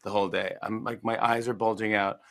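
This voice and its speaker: Gravelly man telling a lively anecdote. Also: on the low side, quick pace. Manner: animated storyteller, acts out quoted voices. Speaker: talk show guest, author. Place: promotional livestream interview.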